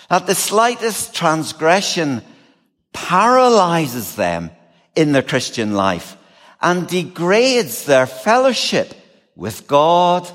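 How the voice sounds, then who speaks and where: A man preaching a sermon, measured and expressive, with a touch of dry humor. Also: on the high side, long reverb tail.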